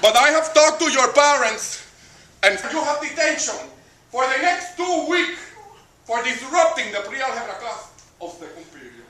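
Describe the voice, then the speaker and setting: A man on stage voicing a fussy, bossy middle-aged female schoolteacher, in a high scolding voice. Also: lively intonation, normal speed, bright, forceful tone, exaggerated voice. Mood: stern. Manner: high, shrill, scolding teacher voice. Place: theater stage. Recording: echoey stage with audience laughter.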